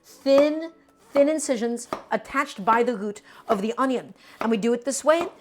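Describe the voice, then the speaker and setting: A woman's voice: fairly high pitch, animated, moderate pace, noisy background. A woman hosting a live cooking stream from a home kitchen, chatting with viewers and coaching them through prep in an easy, talkative way. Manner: chatty and coaching, addresses the audience as "guys" and repeats "go ahead".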